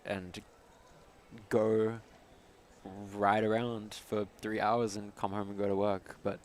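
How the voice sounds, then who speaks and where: Low-voiced joking male co-commentator. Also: flat delivery, takes it slowly, darkish tone, slight background noise. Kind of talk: casual live co-commentary.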